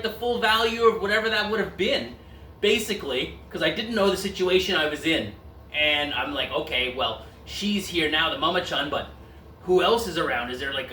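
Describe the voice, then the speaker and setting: A man spins a casual story, bright and animated as he acts out the other voices. His voice sits a little high. The room is echoey, and he is a step back from the mic. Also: far from the mic, slight background noise. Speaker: storyteller host.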